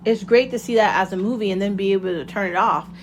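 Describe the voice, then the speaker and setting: Talking fast in a medium-pitched voice, a woman hosting her own show rambles through candid, casual motivation and swears liberally. A little hiss or hum sits under the recording.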